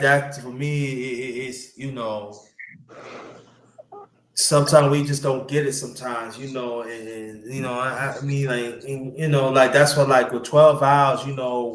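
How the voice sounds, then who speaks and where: A man's voice: medium pitch, steady tone, measured pace, fairly bright tone. A man hosting a casual livestream chat, rambling with many fillers and restarts. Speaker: livestream host. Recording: echoey room with background noise.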